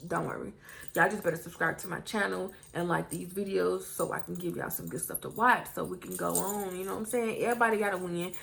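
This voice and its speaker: A young woman with a gravelly voice, answering get-to-know-me questions in a candid, blunt manner and swearing freely. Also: lowish voice, fairly even intonation, fast, a bit bright, a little hiss or hum. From United States. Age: young adult. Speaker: YouTuber.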